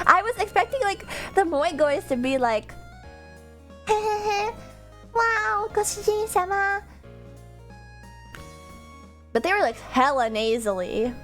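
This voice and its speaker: A woman streamer chatting casually with her viewers, rambling into tangents and laughing often. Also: sits high.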